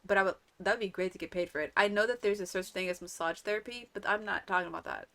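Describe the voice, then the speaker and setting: A young adult woman chatting playfully through casual gaming commentary, with quick asides. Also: mid-range voice, a bit bright. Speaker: let's play streamer.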